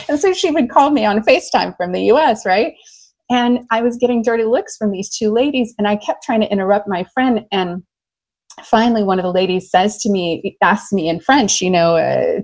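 A woman's voice: medium pitch, a little fast, low-quality recording. An American woman, a love coach, talking enthusiastically in a casual interview. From United States. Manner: enthusiastic, animated storyteller.

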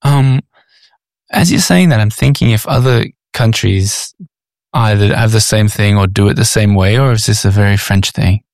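A man's voice: lowish voice, normal speed, vocal fry, a little mellow, no echo, studio quality. An Australian man hosting a casual podcast interview, chatty, with hesitant starts and lots of fillers. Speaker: podcast host.

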